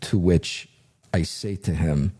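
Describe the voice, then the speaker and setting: A middle-aged man, a retired investigator, telling a story in casual talk, animated and full of fillers, acting out what others said. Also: deep voice, slow, husky. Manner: animated, acts out quotes, frequent fillers.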